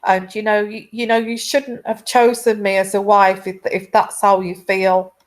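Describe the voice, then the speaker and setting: A woman giving a casual intuitive tarot reading, rambling with many halting restarts. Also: medium pitch, little pitch movement. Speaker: tarot reader.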